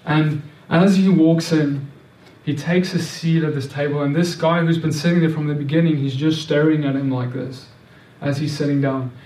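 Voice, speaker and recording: A man's voice: fairly high pitch, fairly even intonation, moderate pace, hardly any pauses, darkish tone, recorded from a distance. A man preaching a sermon in an earnest, repetitive way, often restarting and stammering over words. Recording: echoey room, voice off-mic.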